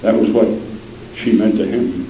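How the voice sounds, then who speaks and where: A man telling a dramatic historical story in a measured way, often dropping low and soft for emphasis. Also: fairly even intonation, vocal fry. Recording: roomy, dull lo-fi sound with faint noise.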